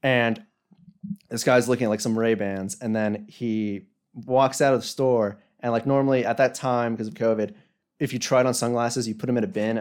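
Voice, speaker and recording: A young man tells a story in a loose, casual chat. He rambles through it, leaning on "like" and "you know" at every turn. His voice sits at an ordinary male pitch. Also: a little mellow.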